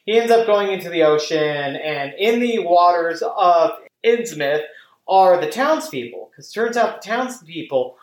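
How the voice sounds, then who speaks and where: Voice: medium pitch, unhurried. Rambling, swearing podcast talker in an echoey room. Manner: rambling, animated, profane, many fillers. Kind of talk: casual chat.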